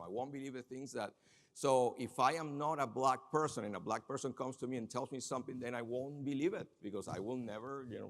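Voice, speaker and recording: Guy giving a conference talk, middle pitch, keeps asking the crowd stuff, big hall echo. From Minnesota. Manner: lively, questions the audience directly. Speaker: conference speaker. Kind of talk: conference presentation. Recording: long hall reverb.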